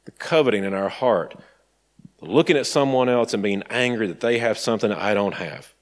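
A man from Tennessee preaching a conversational sermon and telling stories, sometimes dropping to soft asides. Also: fairly low pitch, lively intonation, a little fast.

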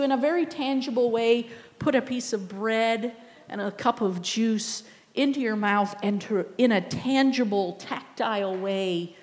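Reflective woman preaching in a reverberant hall. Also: fairly high pitch. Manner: conversational, asks the listeners questions; reflective, with soft laughs. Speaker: pastor. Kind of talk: sermon.

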